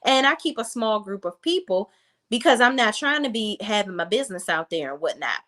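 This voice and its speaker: This woman recaps a reality TV episode in casual commentary. She is blunt and sassy and talks straight to her viewers. Her voice sits at a middle pitch and moves around a lot. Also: expressive, a little fast, a bit bright. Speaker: reality TV review host.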